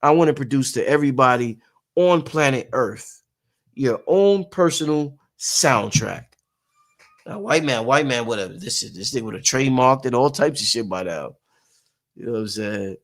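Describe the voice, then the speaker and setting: Animated man with a rhythmic casual delivery. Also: moderate pace. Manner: animated, sings and shouts snippets, trails off into low musing. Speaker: show host and producer. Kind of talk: casual monologue to viewers.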